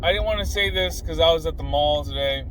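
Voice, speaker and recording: A man talking in a casual vlog monologue, animated and blunt as he rants, recorded inside a car. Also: fairly high pitch, fast, slight background noise, poor audio. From Southern California desert. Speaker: vlogger.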